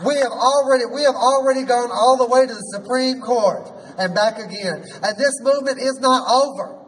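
High-voiced drag queen rally host. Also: moderate pace, a bit bright. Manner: sassy, rousing, leads call-and-response. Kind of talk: rally speech. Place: outdoor rally in front of a courthouse. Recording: distant mic, faint background noise.

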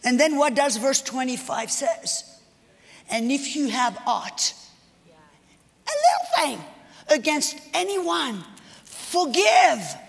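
High-voiced woman preaching in a reverberant hall. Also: slow, vocal fry. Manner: animated, acts out dialogue, repeats phrases. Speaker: guest speaker. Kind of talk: preaching sermon with personal stories.

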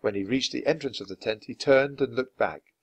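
Man, storybook narration, clear, steady, dry close sound. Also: mid-range voice, fairly quick, dry recording, dull audio. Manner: clear and steady, acting out dialogue. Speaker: storybook reader. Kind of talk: scripted narration for language learners.

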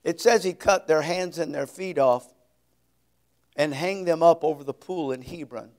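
A male pastor preaching an expository sermon, reading scripture slowly with heavy emphasis and dropping folksy asides. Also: on the high side, a little mellow.

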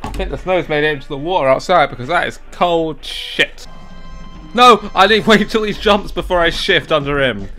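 A young man commentating a video game, excitable and jokey, yelling and swearing at it and talking himself down between fits. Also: fairly high pitch. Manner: talks to himself, jokey asides. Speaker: gaming YouTuber. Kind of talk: let's play commentary.

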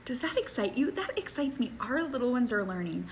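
A woman's voice: on the high side, sing-song, brisk, hardly any pauses, a little hiss or hum, low-quality recording. Upbeat woman giving parenting advice. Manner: upbeat, enthusiastic, talks straight to parents. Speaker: sleep consultant and show host. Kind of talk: direct-to-camera parenting advice.

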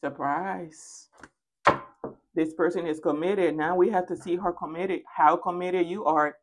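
A woman giving a tarot reading, animated and playful and speaking straight to the viewer, sometimes dropping into soft asides. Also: on the low side, unhurried. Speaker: tarot reader. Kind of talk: spoken tarot reading to camera.

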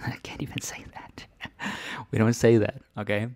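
A man's voice: on the low side, steady tone, normal speed, darkish tone, no echo. A man with a Danish accent explaining his language in a casual lesson, chatty and full of little tag words. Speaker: Danish teacher.

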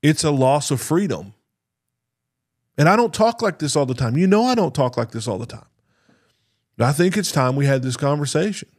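A man's voice: on the high side, sing-song, moderate pace, pauses often, a little mellow, slightly rough, no echo, clean studio sound. A man hosting a podcast, talking in a blunt, earnest monologue and repeating words when he stresses a point. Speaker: podcast host.

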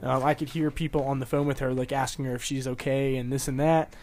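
A man in a casual podcast chat, telling an animated, profane story about an argument. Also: mid-range voice, fast, a crowd in the background.

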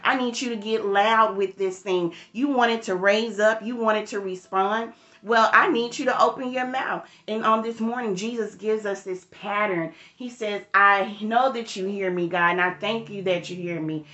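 A woman's voice: medium pitch, fairly even intonation, normal speed, reverberant, lo-fi sound. Woman preaching a livestream devotional. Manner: preacherly, rising loud for emphasis, addresses viewers in the chat by name. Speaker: church devotional leader.

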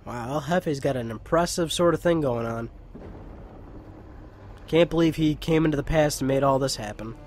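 A man's voice: a little high, moderate pace, pauses often, darkish tone, slight background noise. A young man giving casual, rambling, joking gameplay commentary into a home mic. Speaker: let's play host. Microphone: home mic with pop filter.

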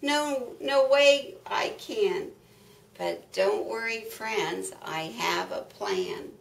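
A woman's voice: a little high, expressive, drawn-out words, gravelly, exaggerated voice. A woman voicing a clever farmyard duck in a storybook reading, in a chirpy, squawky way. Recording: echoey room, mic far off.

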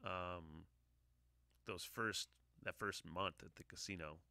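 A man in his forties rants on his own podcast in a loose, rambling way. His voice is bright and forceful, recorded close and dry. He swears freely and lets out heavy sighs between thoughts. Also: sits low, fairly even intonation, slow pace, clean tone, no room sound. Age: 40s. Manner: profane, emotional, sighing often. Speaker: podcast host. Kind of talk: casual rambling monologue.

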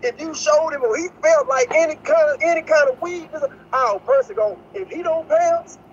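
Stammering high-voiced man on muffled call. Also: normal speed, a little hiss or hum. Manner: stammering, emotional, repeats himself. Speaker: guest on video call. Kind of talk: casual live stream chat.

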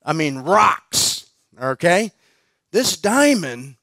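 A man's voice: a little high, measured pace, no echo. A man preaching at a conference, telling a personal story in a chatty way, laughing often and full of fillers and restarts. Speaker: guest preacher. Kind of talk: sermon storytelling.

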